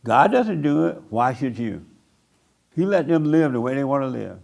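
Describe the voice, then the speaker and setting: An older man preaching a blunt sermon to a small group, mocking people by acting them out in a higher voice. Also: animated, moderate pace, gravelly, a little mellow. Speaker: pastor.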